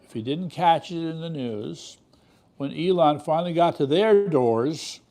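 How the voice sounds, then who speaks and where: Male commentary host, mellow low tone, indignant and emphatic, fond of rhetorical questions. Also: expressive, a little slow. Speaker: show host. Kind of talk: political commentary monologue.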